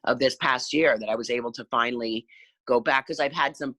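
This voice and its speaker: Bright-voiced woman in her fifties. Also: extremely low pitch, dry recording. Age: 50s. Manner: halting, with many restarts. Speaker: guest. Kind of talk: casual interview talk.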